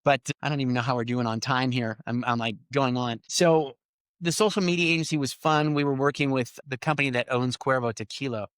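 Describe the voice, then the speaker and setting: A middle-aged man telling business stories in a casual interview, acting out quoted lines with lively swings. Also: medium pitch, fairly quick, clear, resonant tone, no echo. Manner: animated storyteller, acts out quoted lines. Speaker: podcast guest.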